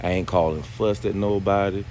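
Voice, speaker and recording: A man vlogging casually to his viewers at a car service shop, drawling and tacking "man" onto nearly every phrase, dropping to low mutters and rising to excited high exclaims. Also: normal speed, a little hiss or hum. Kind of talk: casual vlog talk to viewers. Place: car dealership service area, then in a car.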